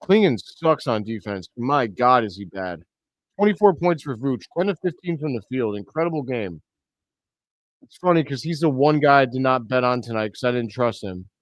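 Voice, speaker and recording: A man hosting a live reaction stream, giving blunt, excitable play-by-play commentary with loud outbursts. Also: medium pitch, normal speed, no echo, muffled recording. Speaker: host of a fan reaction stream.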